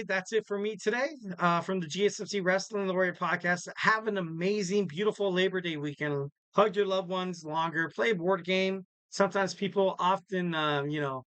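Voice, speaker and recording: A man's voice: high voice, fairly bright tone, clear, resonant tone, no room sound, poor audio. A young man hosting a casual sports podcast, rambling through his sign-off with jokey, self-deprecating asides. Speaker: podcast host.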